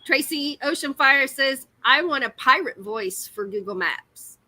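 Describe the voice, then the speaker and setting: A woman's voice: high voice, expressive, unhurried, bright, forceful tone, no room sound, low-quality recording. A woman, hosting a casual livestream chat while crocheting, giggly and self-deprecating. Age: 50s. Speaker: livestream host.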